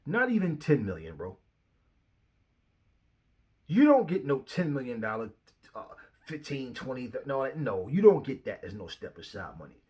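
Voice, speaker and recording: A man's voice: mid-range voice, wildly swooping pitch, moderate pace, long pauses, a little mellow. A young man hosting his own channel, ranting to camera with a confrontational, profane delivery and frequent repetition. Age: young adult. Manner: confrontational, profane, repeats himself. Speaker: channel host. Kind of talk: heated rant to camera. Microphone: phone facing him.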